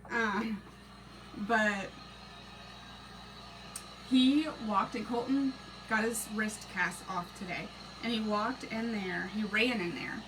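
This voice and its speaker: A woman in her thirties hosting a casual crafting live stream, chatting and greeting viewers by name, sometimes dropping to a soft half-whisper while she works. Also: medium pitch, slow. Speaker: crafting channel host. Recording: distant mic with noisy background.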